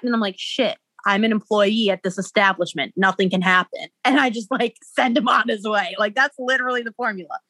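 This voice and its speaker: Young woman, fairly high voice, bubbly and giggly, filler-heavy storytelling, dry close sound. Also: fairly bright tone, no echo. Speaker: podcast co-host. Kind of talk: casual storytelling chat.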